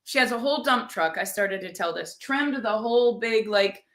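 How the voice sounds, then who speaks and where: Woman, middle-aged, motivational talk, high-pitched, bright and forceful, punchy repetition. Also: lively intonation, normal speed. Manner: emphatic, repeats phrases for punch. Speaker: motivational podcast host.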